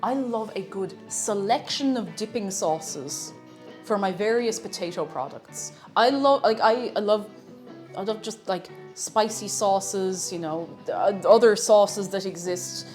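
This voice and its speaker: A woman's voice: medium pitch, a little slow, a little mellow, faint music behind. A young Irish woman live-streaming as she cooks in her kitchen at home, chatty and giggly, reading her chat aloud. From Ireland. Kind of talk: casual live-stream chat while cooking.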